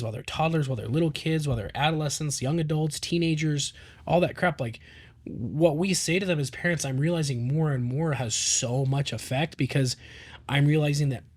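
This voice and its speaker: A man's voice: a little high, husky. A man in his thirties, a podcast co-host, talking casually in a rambling way with lots of fillers. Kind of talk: casual chat.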